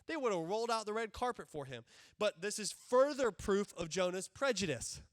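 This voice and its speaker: High-pitched guy preaching a sermon, acts out the characters, dry close mic. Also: normal speed, dry recording. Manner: animated, acts out biblical characters' voices. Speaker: pastor. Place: church sanctuary.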